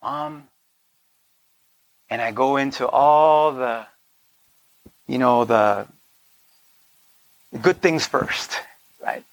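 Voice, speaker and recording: Medium in pitch, this man draws out his words and pauses often, with no room sound. Preaching in a relaxed, conversational style, he whispers asides, raises his voice to stress points, and keeps asking in with the people listening.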